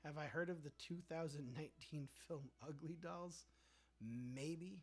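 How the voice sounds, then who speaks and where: A man's voice: fairly high pitch, fairly even intonation, unhurried. A man hosting a casual livestream, answering viewer comments in a sarcastic, rambling way. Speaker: livestream host.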